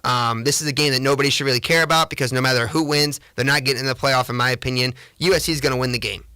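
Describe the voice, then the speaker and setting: A young man hosting a sports podcast, talking casually and excitably with lots of rambling restarts. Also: medium pitch, rapid-fire, smooth, dry recording. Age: young adult. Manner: chatty, rambling, self-correcting. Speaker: podcast host. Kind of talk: casual solo podcast monologue.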